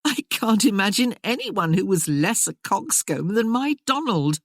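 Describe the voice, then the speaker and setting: A woman's voice: medium pitch, sing-song, unhurried, no echo, clean studio sound, pitched above the performer's own voice. A woman voicing a poised, flippant young widow who speaks in a light, airy, dismissive way. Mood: fond.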